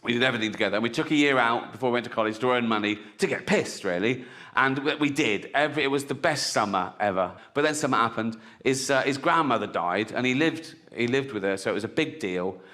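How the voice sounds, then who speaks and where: English comedian from Reading on stage. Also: male voice, mid-range voice, fast talker. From England. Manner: animated, swearing, acts out voices in his stories. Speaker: stand-up comedian. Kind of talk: stand-up routine. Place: theatre stage. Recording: live stage recording in a large reverberant hall. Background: audience laughter.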